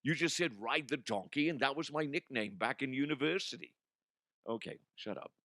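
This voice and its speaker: A man's voice: mid-range voice, animated, moderate pace, fairly bright tone, dry recording, clean studio sound. Profane laughing man ranting on a podcast. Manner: profane, laughing, mocking put-on voices. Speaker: comedy news podcast host. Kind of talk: casual comedic rant.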